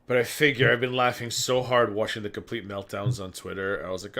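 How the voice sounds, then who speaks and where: A man's voice: on the low side, little pitch movement, fairly quick, a bit bright. A man guesting on a casual stream, rambling chattily through profane anecdotes. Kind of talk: casual storytelling chat.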